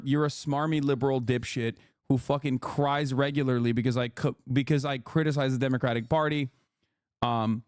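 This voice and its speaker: A man's voice: mid-range voice, darkish tone, clean tone, dry recording, clean studio sound. A man live-streaming, ranting at his chat in a profane, combative way. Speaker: live streamer reacting to a clip. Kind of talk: heated casual stream rant.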